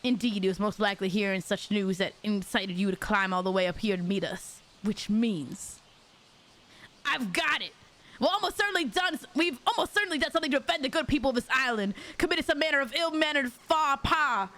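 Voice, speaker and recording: A woman's voice: a little high, a little fast, pushed and bright. A woman voicing a theatrical, pompous grown man reading flowery lines from a story game. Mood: grandiose. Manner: grandiose, flowery read-aloud lines. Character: pompous grown male foreign visitor, theatrical.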